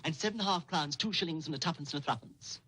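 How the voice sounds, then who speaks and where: An actor playing a prim, excitable male tutor in a 1950s TV sitcom. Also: a little high, quick pace, husky, low-quality recording.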